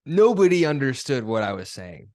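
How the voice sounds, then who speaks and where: A young man hosting a podcast, chatting casually in a relaxed, rambling, self-deprecating way. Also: medium pitch, moderate pace, no room sound, studio quality. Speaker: podcast host and pro player.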